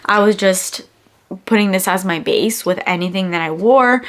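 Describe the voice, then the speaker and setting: A woman's voice: medium pitch, moderate pace. A young woman with a congested, stuffy nose, chatting in a gushing, casual way as she reviews perfumes in a vlog. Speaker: beauty vlogger. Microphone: camera-mounted mic.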